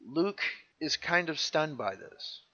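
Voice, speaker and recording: A man's voice: a little high, takes it slowly, no room sound, lo-fi sound. A man co-hosting a casual podcast, animatedly retelling scenes and quoting lines. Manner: animated, jumps into character voices when quoting. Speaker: podcast co-host recapping a show.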